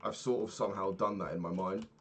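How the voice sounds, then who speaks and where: A man's voice: low voice, fairly even intonation, quick pace, a bit bright, a little hiss or hum. A young man chatting casually in a video diary while playing a game, rambling, swearing freely and laughing often. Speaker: vlogger.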